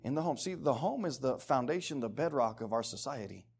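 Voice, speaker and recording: A man's voice: mid-range voice, animated, a little fast, creaky, slightly rough. Emphatic conversational man preaching. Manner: conversational, emphatic, acts out quoted voices. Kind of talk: casual sermon.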